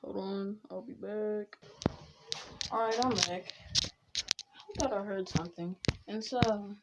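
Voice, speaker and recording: A woman's voice: medium pitch, slow pace, very noisy. A woman telling an improvised fan story, rambling and often restarting to revise the plot.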